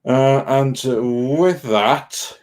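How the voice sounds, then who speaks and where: Live-stream co-host, male, mid pitch, halting and filler-heavy, casual read-out of viewer messages. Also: a little mellow. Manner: halting, many ums and restarts. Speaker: co-host of an online entertainment news show. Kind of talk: casual live-stream chat reading Super Chats.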